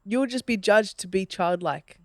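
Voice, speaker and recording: A podcast host with a mid-range voice reflects on a film in casual conversation at a moderate pace, recorded dry with clean studio sound. The delivery is animated, acting out quotes and often checking in with "you know?".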